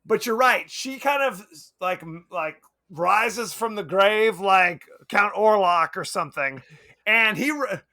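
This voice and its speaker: A man's voice: sits high, animated, takes it slowly, pushed and bright. A man co-hosting a podcast, chatting casually and animatedly about a movie, often laughing and acting out lines. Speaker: podcast co-host.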